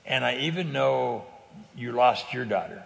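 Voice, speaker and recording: Earnest older man with a gravelly voice. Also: medium pitch, expressive, measured pace, big-room sound. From California. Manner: earnest storyteller, repeats words, laughs easily. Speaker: guest speaker on faith sharing. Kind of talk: conversational testimony.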